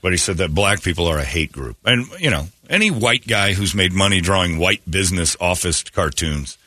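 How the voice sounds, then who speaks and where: A man talks through a casual comedic chat with a bright, forward tone set a little low in pitch. He riffs animatedly and mockingly, now and then jumping up into high put-on voices for a bit. The sound is dry and close. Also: expressive, fairly quick, dry recording.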